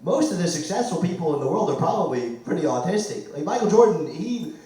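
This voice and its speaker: A man doing a loud, crude stand-up set, his voice going hoarse. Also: high voice, sing-song, fast talker. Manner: loud, crude, rambling jokes. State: losing his voice. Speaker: stand-up comic. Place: comedy club stage. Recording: echoey room, mic far off.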